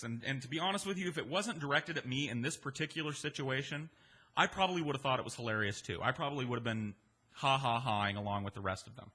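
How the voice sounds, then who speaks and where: A man telling a comedic story in a casual, profane, animated monologue. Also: medium pitch, slightly rough.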